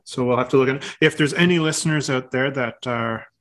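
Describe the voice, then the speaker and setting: A man co-hosting a casual podcast, talking in a relaxed, halting way with many restarts. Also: medium pitch. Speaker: podcast co-host.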